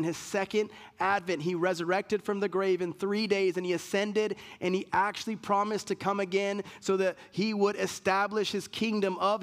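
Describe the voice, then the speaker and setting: A male pastor preaching an emphatic sermon, building points through repeated lists and restarts. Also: sits high. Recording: long reverb of a large hall.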